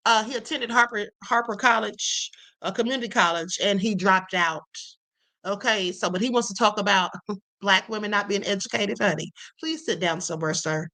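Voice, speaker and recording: A woman's voice: medium pitch, normal speed, bright, forceful tone. A woman hosting a live stream, reacting to clips in a sassy way and calling viewers honey. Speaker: host.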